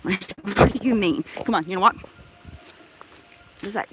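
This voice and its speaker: A woman's voice: medium pitch, normal speed, very noisy. A woman chatting on a live stream while walking through a park, out of breath, swearing casually and laughing often. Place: outdoors in a crowded park. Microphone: handheld phone camera.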